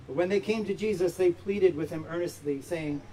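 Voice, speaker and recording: A man delivers a sermon in a fairly high voice, leaning into points with emphatic rhetorical questions. He sounds a little distant from the microphone, with a faint hum of noise in the background. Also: a little fast, dark tone. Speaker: pastor. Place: church sanctuary.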